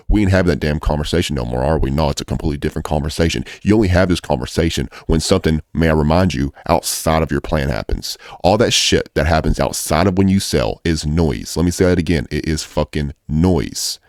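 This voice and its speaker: A man's voice: extremely low pitch, fast talker, darkish tone, no room sound, studio quality. A man coaching traders in a casual video, blunt and profane, hammering his points home by repeating them. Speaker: trading coach. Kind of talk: casual trading advice video.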